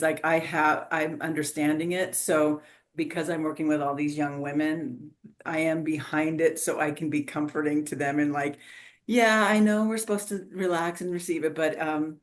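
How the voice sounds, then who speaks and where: Reflective woman with a Valley accent. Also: low-pitched. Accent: Californian Valley. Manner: reflective, talks quickly with fillers. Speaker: book group member. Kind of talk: casual group discussion.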